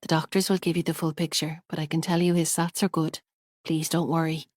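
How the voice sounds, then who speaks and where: A woman voicing a calm female paramedic who speaks softly and reassuringly. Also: lowish voice, fast talker, dry recording, clean studio sound, natural voice. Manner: soft, calm, professional.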